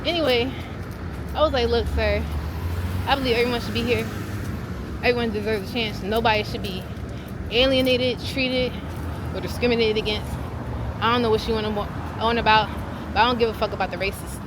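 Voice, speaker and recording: A woman in her twenties telling a casual storytime vlog in a slangy, animated, exasperated way. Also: fairly high pitch, a little fast, pauses often. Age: 20s. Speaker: vlogger. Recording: loud outdoor street noise.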